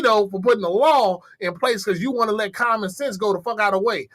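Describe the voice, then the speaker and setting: Man, podcast host, high voice, brash, profane, ranting. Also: fast, fairly bright tone. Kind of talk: casual comedic chat.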